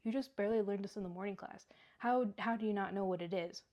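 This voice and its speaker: A woman quoting an exasperated male language teacher, slow and emphatic. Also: medium pitch, darkish tone, natural voice.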